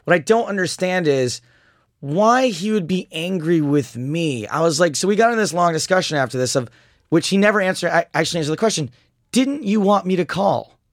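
A man's voice: fairly high pitch, fairly quick, no echo, studio quality. A man in casual chat, telling a poker hand story with lots of fillers and restarts. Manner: animated storytelling, mocks an opponent's angry chat.

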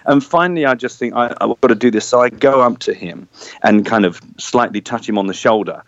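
A man's voice: medium pitch, a little fast, no echo. A man tells a funny, self-deprecating story in casual conversation. He acts out the voices and cheers along the way. The recording is dry and a little dull. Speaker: guest storyteller. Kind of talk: casual anecdote.

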